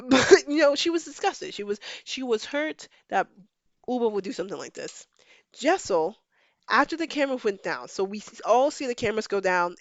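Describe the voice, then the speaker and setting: A woman hosting a podcast, recapping pop culture in casual chat, animated and blunt, swearing freely. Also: mid-range voice, no room sound, highs cut off. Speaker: podcast host.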